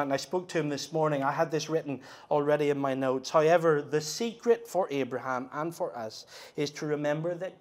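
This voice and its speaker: Earnest middle-aged man preaching. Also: a little high. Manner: earnest, varies loudness from hushed to emphatic. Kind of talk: sermon. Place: conference hall.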